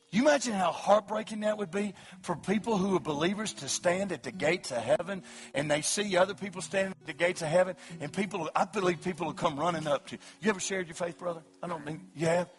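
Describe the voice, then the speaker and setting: A man preaching an evangelistic sermon at a church service, his delivery swinging from hushed pleading to loud shouting. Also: sits high, fairly quick, faint music behind. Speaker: pastor.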